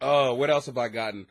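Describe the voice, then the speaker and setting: A man's voice: high-pitched, slight background noise. A man hosting a comedy podcast from his basement, telling stories in a loose, profane, storytelling way. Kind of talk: casual comedic monologue. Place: home basement.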